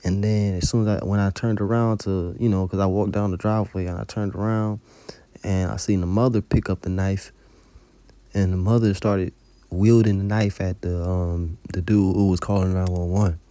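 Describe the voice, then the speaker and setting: A man's voice: low-pitched, little pitch movement, normal speed, dark tone, clear, resonant tone, no room sound. A man giving an informal religious testimony, telling a dream in colloquial, profanity-laced storytelling. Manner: colloquial storytelling with heavy cursing. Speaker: religious teacher recounting a dream.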